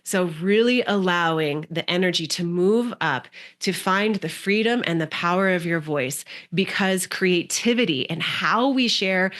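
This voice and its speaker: A woman's voice: lowish voice, a little slow, a bit bright. A woman guest on a podcast, talking in a flowing, spiritual way about inner work as a creative coach. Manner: flowing, spiritual, dreamy phrasing. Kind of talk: podcast conversation.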